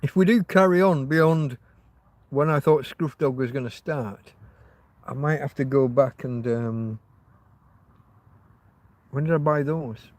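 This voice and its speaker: Guy rambling on his livestream, mid pitch, keeps restarting and chatting to viewers. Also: takes it slowly, pauses often, a little mellow, no echo. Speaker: livestream host. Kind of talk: casual rambling livestream chat.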